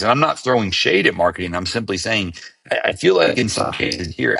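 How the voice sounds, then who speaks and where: A man's voice: sits low, gravelly, a bit bright, breathy edge, no room sound, recorded from a distance. A man co-hosting a cybersecurity podcast, chatting casually in a wry, joking way and thinking aloud with restarts. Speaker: podcast co-host.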